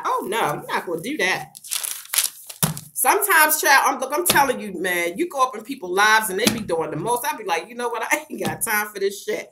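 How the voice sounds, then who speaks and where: A woman's voice: mid-range voice, lively intonation, brisk, background noise. A middle-aged woman vlogging in a casual chat to camera, talking frankly to her viewers, with laughter and a lot of swearing. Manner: frank, profane and laughing, talks straight to viewers as "girl".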